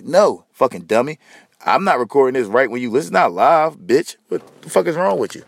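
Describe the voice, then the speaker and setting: A man's voice: medium pitch, very animated, fast, creaky, no room sound. A man hosting a podcast alone, sleepy and rambling, swearing loosely as he talks. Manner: profane, loose, tired and rambling. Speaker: podcast host. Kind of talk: casual solo rambling monologue.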